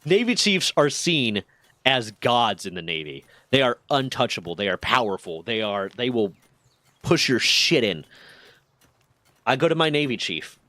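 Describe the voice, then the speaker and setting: A man streaming, telling a long story in a casual, animated and profane way. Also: dry recording. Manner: profane, animated, shifts pitch a lot.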